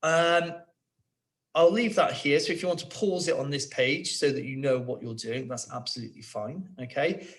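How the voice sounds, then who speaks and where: A man's voice: medium pitch, normal speed. A male primary school teacher recording an online lesson, encouraging and checking in often.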